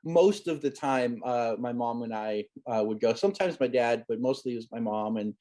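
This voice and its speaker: In a casual storytelling interview, a guest in his thirties who once acted as a child reminisces about those days in an amused, rambling way, restarting frequently. He speaks at a moderate pace with medium pitch and a dark tone.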